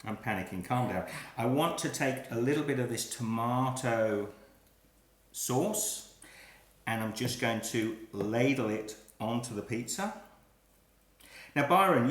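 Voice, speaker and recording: A man's voice: medium pitch, a little slow. Chatty man cooking live, echoey. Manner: chatty, laughs at his own slip-ups. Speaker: cooking livestream host. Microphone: phone on a small tripod.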